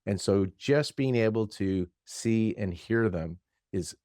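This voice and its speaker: A man's voice: fairly low pitch, takes it slowly, a little mellow, no room sound, clean studio sound. A man hosting a podcast interview, reflecting on his own insights and asking the guest questions. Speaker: podcast host. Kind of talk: conversational interview.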